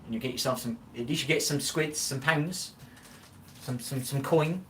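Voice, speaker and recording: A man's voice: mid-range voice, normal speed. A middle-aged man chats casually on a livestream, reading out viewers' comments and offering homespun advice. He stumbles over unfamiliar names. His voice sits in a middle range, and faint noise runs under the recording. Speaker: livestream host.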